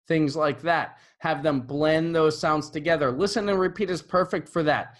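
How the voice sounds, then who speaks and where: English teacher guy chatting tips to the camera, kinda high voice, laid back, keeps saying right?. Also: unhurried. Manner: relaxed and conversational, often checks in with "right?"; models intonation by repeating example phrases. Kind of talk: casual talk to camera giving teaching tips.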